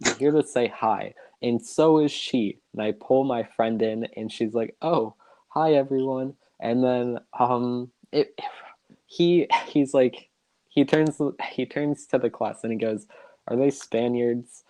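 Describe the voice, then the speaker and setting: A teenage boy tells a funny story in a casual podcast chat. He is animated and keeps laughing at his own tale. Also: mid-range voice, a little slow, no echo. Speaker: podcast co-host.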